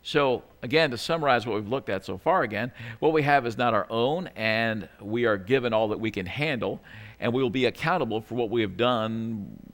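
A man's voice: medium pitch, fairly quick. A man preaching a sermon as pastor, talking in a conversational way with asides and self-corrections, sometimes acting out quoted lines in a small pleading voice.

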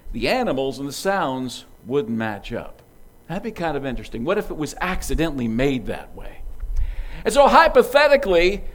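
A man preaching with a high, bouncy voice that leaps around as he spins a story. He acts out toy sounds and keeps the tale animated before turning it into a lesson. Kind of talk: sermon illustration.

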